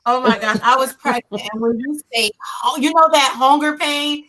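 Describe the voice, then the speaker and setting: A woman's voice: high voice, fairly even intonation, moderate pace, pushed and bright. A woman in her thirties telling stories in a casual chat, acting out her own reactions with lots of animation. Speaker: podcast host.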